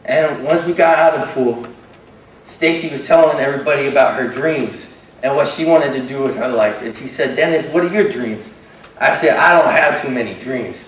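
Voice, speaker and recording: An actor playing a shy, self-doubting young man with a disability, telling his story haltingly and earnestly in a stage monologue. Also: mid-range voice, a little hiss or hum, close to an everyday voice. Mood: gentle. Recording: roomy hall from a distance.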